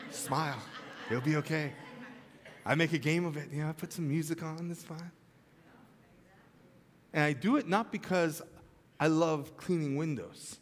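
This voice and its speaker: High-voiced pastor in an echoey church. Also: male voice, normal speed, long pauses. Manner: storytelling with humor, swings from animated to soft and earnest. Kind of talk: sermon. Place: church sanctuary.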